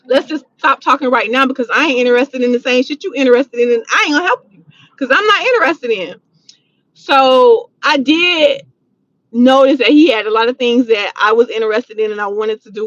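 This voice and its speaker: A woman hosting a casual livestream from her car, answering chat in a blunt, animated, slangy way and swearing freely. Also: a little high, fairly quick, dry recording, dull audio. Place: in a vehicle, driving.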